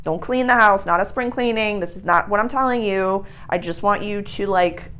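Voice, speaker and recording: A woman with a medium-pitched, slightly bright, clean voice gives an intuitive astrology reading at a moderate pace. She's tender and rambling, saying "like" constantly, calling the listener dear and honey, and occasionally dropping a blunt swear word.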